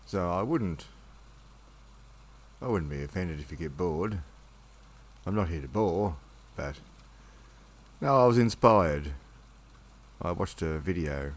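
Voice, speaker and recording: A man hosting his own channel, talking calmly and unhurriedly in a relaxed late-night monologue at home before reading his poetry. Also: very deep voice. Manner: calm, unhurried, rambling.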